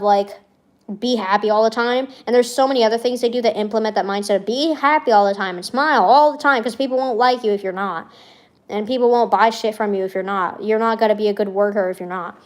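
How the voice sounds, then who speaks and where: A young woman venting in a casual vlog, rambling and sarcastic, laughing often between her remarks. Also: fairly high pitch. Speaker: vlogger.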